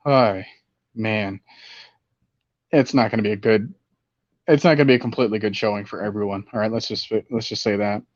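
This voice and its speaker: A man's voice: lowish voice, a little fast, pauses often, no room sound. Male sports podcaster: casual, rambling, muffled dry home mic. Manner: rambling, animated, with many fillers. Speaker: fantasy football podcast host.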